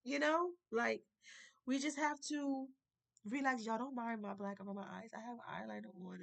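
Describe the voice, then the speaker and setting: A woman's voice: fairly high pitch, fairly even intonation, normal speed, vocal fry. A woman talking in a casual spiritual vlog, earnest and emotional, near tears at moments. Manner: emotional, earnest, heartfelt, at times tearful. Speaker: spiritual vlogger.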